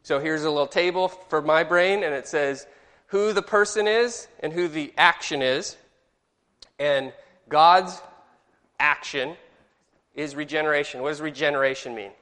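A man's voice: on the high side, unhurried, pushed and bright. A man teaching a Sunday school class, chatty and joking, asking the group questions. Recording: long reverb in a hall.

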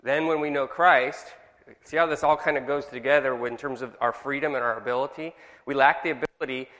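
A Californian man teaches a church study group in a bright, forceful voice. He keeps throwing questions to the room. Long reverb from the hall trails every phrase. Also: mid-range voice, fairly even intonation, brisk. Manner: chatty, asks the group questions. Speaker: Bible study leader.

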